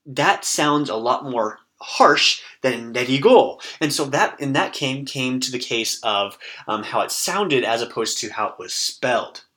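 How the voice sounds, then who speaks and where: Male podcast host, middle pitch, bright tone, casual teaching, chatty with lots of "um"s. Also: measured pace, few pauses. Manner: chatty, self-amused, with frequent "um" fillers. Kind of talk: casual spoken lesson.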